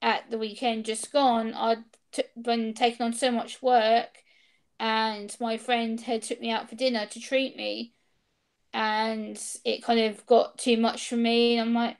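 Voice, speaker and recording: A woman speaks as a guest in an interview, recounting personal stories. Her voice sits somewhat high. She tells them in an animated way, acting out each side of the conversation. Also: measured pace, clear, resonant tone.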